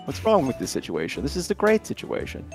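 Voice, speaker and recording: A man's voice: a little high, huge pitch swings, fast talker, soft background music. A man chatting casually during an online game, goofy and a bit clueless about how it works. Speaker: gamer. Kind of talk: casual gaming chat.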